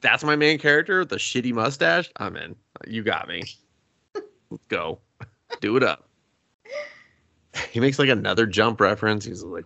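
A man's voice: lowish voice, animated, moderate pace, vocal fry, long pauses, pushed and bright. A man hosting a casual podcast, retelling an anime episode with quoted lines and laughter. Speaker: podcast host. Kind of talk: casual anime review chat.

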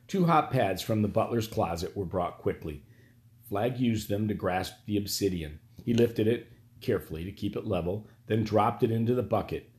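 A man narrating an audiobook in a steady, even storytelling manner. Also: lowish voice, normal speed.

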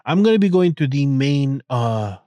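A man's voice: medium pitch, expressive, normal speed, warm tone, no echo. A young man hosting a casual solo podcast from inside his car, rambling and irreverent, joking as he goes and restarting his sentences often. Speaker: podcast host.

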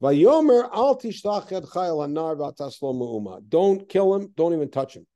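A man teaching a text study class, his pitch rising and falling a great deal as he reads verses and asks his students questions. His voice is mellow and dark, with a slightly higher pitch than most men. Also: normal speed. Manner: lively, questioning, reads Hebrew verses then explains.

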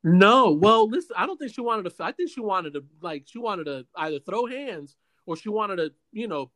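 A podcast host with a high-pitched voice tells a long story at normal speed, casual and animated, with lots of stammers and restarts.

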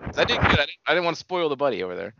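A man's voice: on the high side, very animated, rapid-fire, vocal fry, noisy background. A man co-hosting a podcast, chatting casually, rambling and hesitant and swearing now and then. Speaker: podcast co-host. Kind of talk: casual chat. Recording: dry, dull lo-fi sound.

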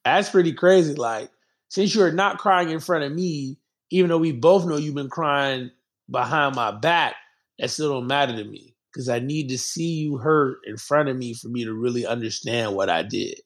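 A man's voice: mid-range voice, moderate pace. A man co-hosting a podcast in casual, slangy, joking chat. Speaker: podcast co-host.

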